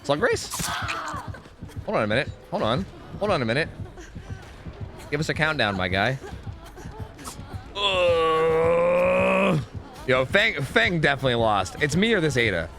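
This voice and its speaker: Lively young male gaming streamer. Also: medium pitch, faint music behind. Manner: chatty, swearing, laughing, quick asides to chat. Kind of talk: casual gaming commentary.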